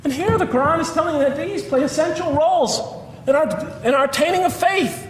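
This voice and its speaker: A man's voice: extremely high pitch, fairly quick, long reverb tail, a little hiss or hum. A middle-aged man giving a public talk to an audience, earnest as he quotes and tallies references. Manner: earnest, quoting and tallying references. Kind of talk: lecture to an audience.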